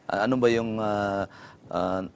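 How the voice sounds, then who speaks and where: A man's voice: fairly low pitch, fairly even intonation, gravelly, smooth. A Filipino man, an older education official, answering interview questions formally with many fillers and a habit of ending points with "no?". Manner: halting, many fillers and tag "no?".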